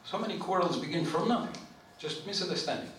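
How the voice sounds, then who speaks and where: A man giving an informal scripture lecture to a live group, chatty and animated, putting questions to his listeners and often clearing his throat. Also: high-pitched, quick pace, distant mic. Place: temple hall. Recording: very echoey hall, voice from off-mic, faint noise.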